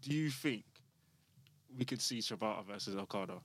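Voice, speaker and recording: A man's voice: fairly low pitch, animated, moderate pace, slightly rough, no echo. A man co-hosting a casual wrestling podcast, hyped and slangy, often jumping in. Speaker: podcast co-host.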